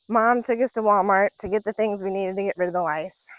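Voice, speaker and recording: A vlogger in her forties chats and laughs often as she tells casual stories on a nature walk outdoors. Her voice is mid-range, and the recording is dry and rough.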